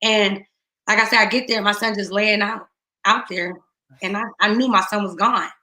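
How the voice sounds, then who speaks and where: A middle-aged woman giving a raw, emotional personal testimony. She swings between tearful hushed moments and rising outbursts. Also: mid-range voice, fairly even intonation, normal speed, roomy sound. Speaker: guest speaker.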